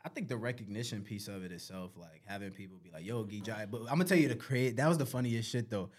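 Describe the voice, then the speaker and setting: A man co-hosts a relaxed podcast chat, drifting through stories in easygoing slang. His voice sits fairly low. He livens up when he acts out what other people said. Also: fast. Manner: laid-back slangy storytelling, animated when acting out quotes. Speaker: podcast co-host.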